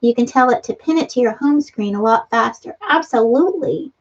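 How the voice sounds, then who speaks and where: A middle-aged woman with a fairly high voice hosts a relaxed craft livestream. She chats easily and reads out viewer comments, laughing often. The stream audio is dull and lo-fi. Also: brisk. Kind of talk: casual chat reading viewer comments.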